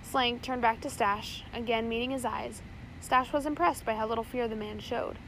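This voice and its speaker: A woman's voice: a little high, fairly even intonation, moderate pace, fairly bright tone, a little hiss or hum, rough recording. A woman narrating a chapter of a storybook aloud, reading steadily with small slips. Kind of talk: audiobook reading.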